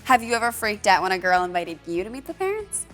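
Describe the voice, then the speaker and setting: A woman's voice: mid-range voice, big pitch swings, fast, a bit bright, soft background music. A young woman hosting, asking playful, teasing questions. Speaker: host. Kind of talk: casual chat.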